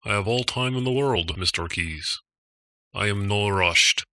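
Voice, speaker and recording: A cold, cryptic Russian mob henchman, played by a man, speaks slow broken English in a heavy Russian accent. His voice sits very low, yet its tone is bright and edgy. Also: no echo, clean studio sound, full character voice. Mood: cold menace. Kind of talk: comedy audio drama.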